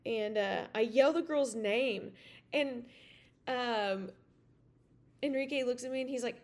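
Speaking slowly in a fairly high voice, a podcast host rambles through a story in a chatty way. She keeps restarting and fills it with "like" and "you know."

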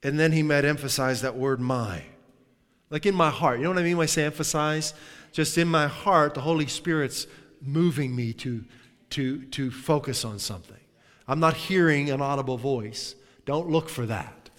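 A man preaching in a conversational, animated way, sometimes dropping to a hushed tone. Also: on the high side, moderate pace. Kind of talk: sermon. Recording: long hall reverb.

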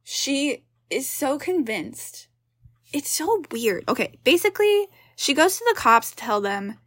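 A young woman with a fairly high voice, talking through a film in a casual review chat. She is animated and exasperated, swearing casually as she picks apart the story. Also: measured pace. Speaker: podcast co-host.

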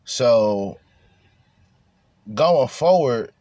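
A man's voice: medium pitch, lively intonation, drawn-out words, darkish tone, no room sound. A man hosting a casual podcast, ranting bluntly and crudely with lots of swearing. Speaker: podcast host.

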